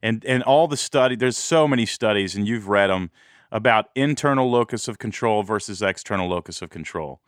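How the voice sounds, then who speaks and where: A man hosting an interview, asking energetic questions and explaining ideas thoughtfully. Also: lowish voice, brisk, no room sound, studio quality. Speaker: podcast host.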